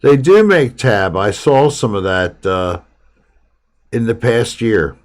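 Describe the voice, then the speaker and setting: A man's voice: mid-range voice, lively intonation, takes it slowly. A man hosting a live stream, chatting casually and rambling from topic to topic with his viewers.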